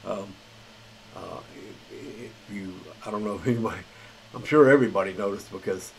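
A man's voice: fairly low pitch, moderate pace, gravelly, a little hiss or hum, low-quality recording. A man hosting a gaming channel, reading patch notes in a tired, rambling, casual way. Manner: rambling, filler-heavy, chuckles at himself. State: tired late at night.

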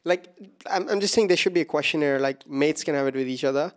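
A man who is a stand-up comedian, guesting on a casual podcast, riffing with restarts and acting out what other people say. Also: fast talker. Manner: riffs with restarts, acts out quoted people in a lower voice. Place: podcast studio.

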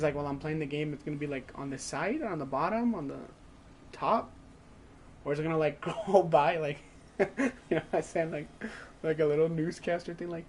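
A man's voice: fairly high pitch, a little hiss or hum. A man live-streaming a game, chatting casually with his viewers, rambling, laughing and swearing, with "like" in almost every sentence. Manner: rambling, swears a lot, laughs often, says "like" constantly. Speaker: gaming streamer.

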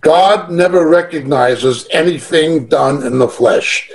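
A man with a fairly high voice and vocal fry reads a Bible passage aloud verse by verse at a slow pace. He teaches emphatically, repeating key phrases to stress points, on a low-quality recording.

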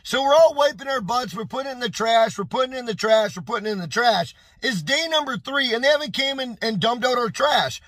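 Male vlogger with a high voice and a dry, close sound, telling a story in a casual, animated way. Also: dry recording. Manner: animated, exclaiming, repeating phrases. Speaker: YouTube storyteller.

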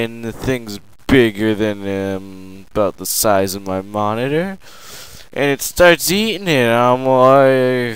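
Young guy rambling thru a comedy bit, slow drawl, lots of you know and like, gets loud sometimes. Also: lowish voice, clear, resonant tone, no room sound, rough recording. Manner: meandering, filler-heavy storytelling with sudden loud outbursts. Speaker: amateur comedian. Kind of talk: rambling sit-down comedy monologue.

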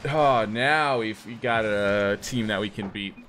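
A young man giving casual live commentary while playing a game online, rambling and self-mocking, with sudden excited outbursts. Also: on the low side, moderate pace, slight background noise. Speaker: gaming streamer.

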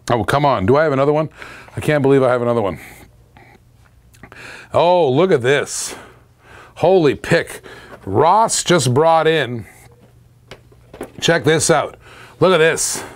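A middle-aged man hosting a live-stream auction, upbeat and chatty, hyping each lot and humming little scat tunes between bids. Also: fairly high pitch. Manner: upbeat, hypes items, hums and scats between lots.

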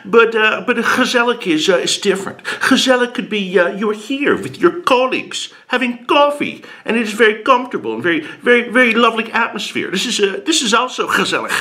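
A man voicing a smug Dutch man with a Dutch accent, who explains his language in a high, pompous way. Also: sing-song, brisk, few pauses, bright, forceful tone, full character voice. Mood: earnest.

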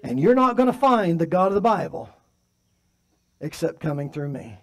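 Male pastor, fairly high voice, preaching in church, moves between forceful emphasis and hushed delivery. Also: sing-song, normal speed. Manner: preaching with swings from loud emphatic to soft and quiet. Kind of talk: sermon. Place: church sanctuary.

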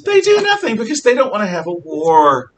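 A man teaching a history class, lecturing in a lively way and acting out quotes, recorded from far off in a classroom with some hiss. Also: high voice, brisk. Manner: animated, acts out quotes.

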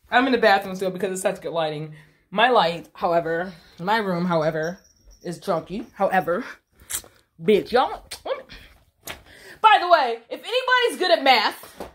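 A woman's voice: medium pitch, very animated, normal speed, long pauses, fairly bright tone, a little hiss or hum. A young adult woman chatting casually to her phone camera, swearing freely as she talks. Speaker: vlogger. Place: bathroom. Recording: echoey bathroom.

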